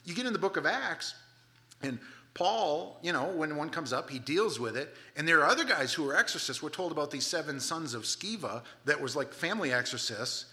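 A man's voice: on the high side, expressive, a little fast, sharp tone. A male pastor delivering a sermon in an emphatic, conversational way.

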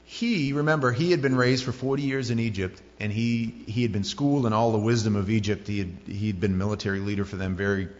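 A man's voice: on the low side, fairly even intonation, a little fast, hardly any pauses, in a large hall, dull audio. A man preaching a conversational sermon as pastor, acting out quoted voices as he tells the story.

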